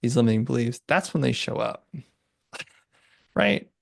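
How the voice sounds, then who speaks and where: Gravelly-voiced man, rambling and chatty. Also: mid-range voice, a little slow, slight background noise. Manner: rambling, acts out voices of friends. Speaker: podcast guest. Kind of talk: casual conversation.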